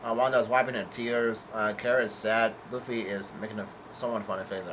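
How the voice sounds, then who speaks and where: A man's voice: on the low side, flat delivery, fairly quick, noisy background. A man casually reading through and summarizing a comic chapter, hesitant, with many fillers and self-corrections. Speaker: manga chapter reader. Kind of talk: casual manga read-through.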